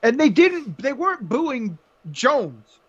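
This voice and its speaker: A man with a rather high voice chats loosely through fight picks, cracking jokes and laughing often. The stream audio is a little dull and lo-fi. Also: big pitch swings, crowd noise. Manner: joking, laughs often, quick banter. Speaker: podcast co-host. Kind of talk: casual chat about fight picks.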